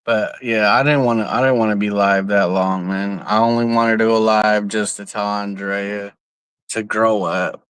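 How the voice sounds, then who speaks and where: A man's voice: on the low side, fairly even intonation, moderate pace, a bit bright, clear, resonant tone, dry recording. A young man from San Jose, California, ranting bluntly and profanely on a casual livestream, often repeating himself, speaking outdoors. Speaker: livestream host.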